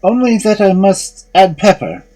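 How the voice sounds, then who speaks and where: A frightened but clever young maiden from a fairy tale, as a man puts her on, pleading in a high, nervous voice. Her pitch swings a great deal, while the tone stays husky. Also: big pitch swings, measured pace, mellow, full character voice, poor audio.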